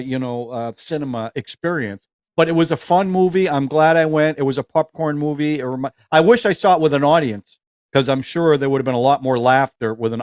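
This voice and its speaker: A man's voice: mid-range voice, clean tone, no echo, studio quality. A man co-hosting a film podcast, talking in an easygoing, hesitant way. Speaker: podcast co-host reviewing films. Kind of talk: casual chat.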